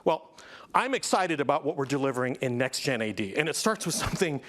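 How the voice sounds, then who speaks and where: A man giving an energetic tech conference presentation, swinging between hype and plain explanation. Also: mid-range voice, a little fast. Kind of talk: keynote-style tech presentation.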